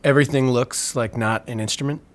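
A man's voice: mid-range voice, fairly even intonation, fairly quick. A man, an electronic musician, chatting casually as an interview guest, rambling with lots of fillers and self-deprecating humor.

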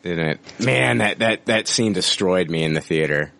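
Male podcast host, lower voice, eager and animated film talk. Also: moderate pace, vocal fry, no room sound. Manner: enthusiastic, acts out quotes. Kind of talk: casual movie discussion.

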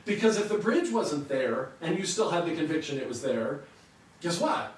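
A man's voice: fairly high pitch, very animated, moderate pace, very echoey, distant mic, poor audio. A man preaching a sermon, teaching earnestly and asking rhetorical questions. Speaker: pastor.

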